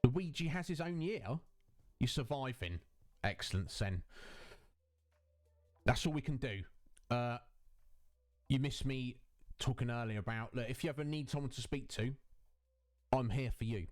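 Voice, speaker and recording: Guy streaming on a headset, just chatting and answering chat, kinda rambly, quiet music in the back. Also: medium pitch, animated, unhurried, long pauses. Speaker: Twitch streamer and host. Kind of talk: casual live-stream chat.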